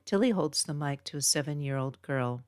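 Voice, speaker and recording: Author narration: woman, low voice, dry close recording, steady and measured. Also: dry recording. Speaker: author reading her book. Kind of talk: audiobook narration.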